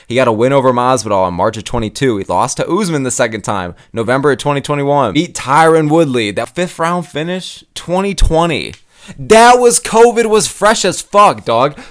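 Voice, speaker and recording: A man hosting a casual fight-commentary tier list, talking in a heated, profane, slangy rant. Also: medium pitch. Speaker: MMA commentary channel host.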